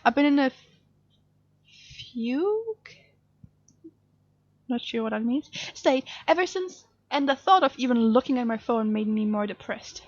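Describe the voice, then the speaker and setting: A woman's voice: a little high, expressive, a little slow, pauses often, no room sound, lo-fi sound. A woman reading out the texts of a tired, guilt-ridden young woman in her own voice. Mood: weary. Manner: reading text messages aloud, subdued. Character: tired, guilty grieving woman texting friends.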